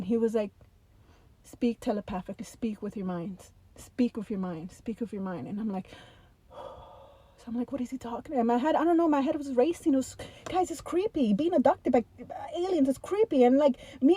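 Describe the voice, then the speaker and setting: A woman telling a personal story in a casual way, animated and rambling, with lots of fillers and restarts. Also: a little high. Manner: animated, rambling, full of fillers and self-corrections. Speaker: storyteller in a social video clip.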